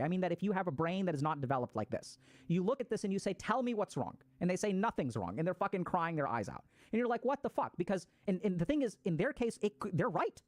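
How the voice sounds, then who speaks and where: A man's voice: sits high, dry recording. A man giving a casual explanatory talk on mental health, swearing freely and acting out people's reactions.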